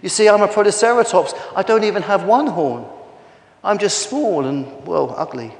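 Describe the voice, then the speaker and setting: A man's voice: high-pitched, animated, normal speed, vocal fry, echoey room, big-room sound, voice pushed up. A man voicing a small, humble female dinosaur who pleads for friendship.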